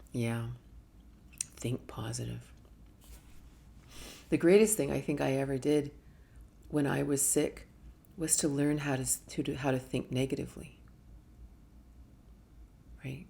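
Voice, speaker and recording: A woman's voice: extremely low pitch, normal speed, gravelly, pauses often, mellow. A middle-aged woman hosting a live question and answer session, talking candidly and emotionally and acting out quoted thoughts, sometimes in a whisper. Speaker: host answering viewer questions. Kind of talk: live Q&A talk.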